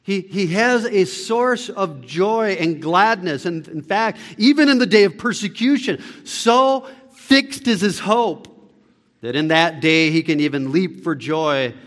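A man preaches to his congregation, letting his voice rise to loud fervor and sink to a hush. He speaks slowly and deliberately in a somewhat high voice. The sound rings with the long reverb of a large church hall. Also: lively intonation. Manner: dramatic preacher swinging between loud and hushed; slow, deliberate phrasing. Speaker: pastor. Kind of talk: sermon.

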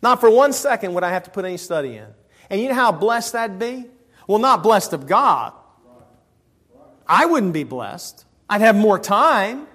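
A male pastor preaching a sermon in a church, joking and swinging between loud emphasis and quiet asides. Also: high-pitched, big pitch swings, moderate pace, breathy edge.

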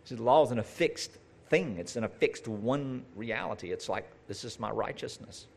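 Animated man preaching, lively pitch. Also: moderate pace, creaky, slight background noise. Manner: animated, talks straight to the listeners with asides and rhetorical questions. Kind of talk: conversational sermon.

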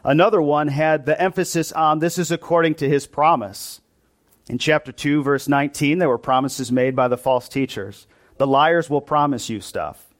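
A male pastor preaching a sermon to his congregation in a church, in a conversational style that often asks them questions. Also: a little high.

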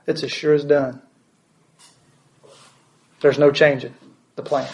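Male pastor, slightly high-pitched, preaches with questions and repetition. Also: level tone, slow pace, vocal fry, darkish tone, rough recording. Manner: asks the congregation questions, repeats words for emphasis. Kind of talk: sermon.

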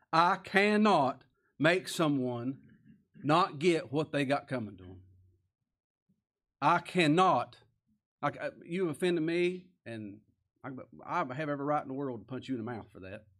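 A man preaching a sermon, swinging between quiet stresses and raised, impassioned emphasis. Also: mid-range voice. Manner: impassioned, rising and falling emphasis. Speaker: pastor.

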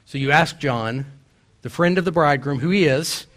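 A man's voice: a little high, a bit bright. Middle-aged man, pastor, sermon, emphatic, stretches out quoted verses. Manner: emphatic preaching with slow, drawn-out quoted verses.

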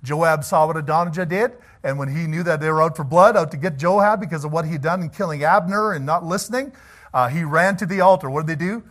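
A male pastor preaching a sermon, calling out "Amen?" to the congregation and swinging between loud emphasis and quiet asides. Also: fairly high pitch, a little fast.

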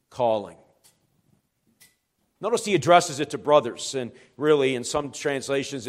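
A middle-aged man, a pastor, preaching an expository sermon to his congregation, with earnest explanations that rise to emphatic urgency. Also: mid-range voice.

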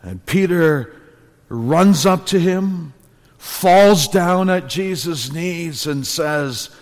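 A man's voice: on the high side, very slow, darkish tone. A man preaching a sermon in church, earnest and building to emphatic repeated phrases. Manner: earnest, rising to emphatic repetition. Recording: long reverb of a church hall.

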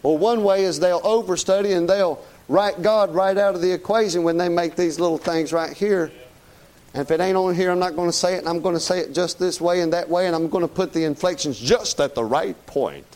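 A man's voice: high-pitched, fairly quick, darkish tone. A man preaching a sermon in a folksy, conversational way, often asking "Amen?".

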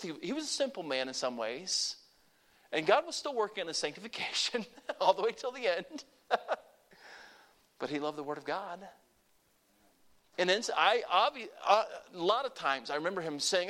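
A man preaching a sermon to a congregation, earnest and conversational, rising to emphatic peaks and dropping to soft, quiet asides. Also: fairly high pitch. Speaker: pastor.

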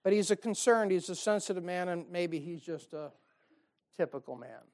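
A male pastor preaching a sermon to a church congregation, joking and calling out "Amen?", swinging between loud and quiet. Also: sits high, lively intonation, moderate pace. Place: church service.

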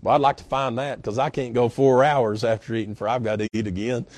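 A man's voice: mid-range voice, level tone, a little fast, darkish tone, no echo. A male guest pastor preaching a sermon in a folksy, emphatic way, with frequent "uh" fillers. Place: church.

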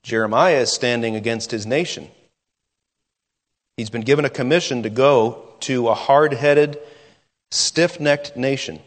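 Earnest male preacher in a reverberant hall. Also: mid-range voice. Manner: earnest, with dramatic pauses and drops to a hush. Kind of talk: sermon.

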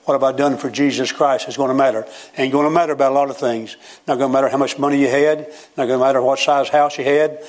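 A man's voice: mid-range voice, steady tone, quick pace. An older man preaching a sermon in a folksy storytelling manner, quoting scripture along the way.

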